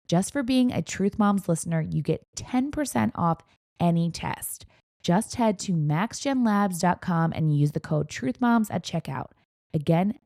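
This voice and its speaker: A woman's voice: lowish voice, warm tone, dry recording, studio quality. A woman host reading a sponsor ad on a podcast in an upbeat, scripted way. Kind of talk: scripted ad read.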